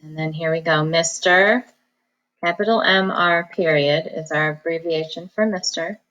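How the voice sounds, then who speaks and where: A woman teacher giving an online phonics lesson, dictating sentences slowly and sounding out each syllable. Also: deep voice, a bit bright, dull audio. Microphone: recorded at a computer for students at home.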